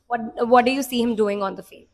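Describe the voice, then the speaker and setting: A woman with a fairly high voice conducting a light-hearted interview. She asks her questions with some hesitation and restarts. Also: steady tone, fairly quick. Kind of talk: casual interview.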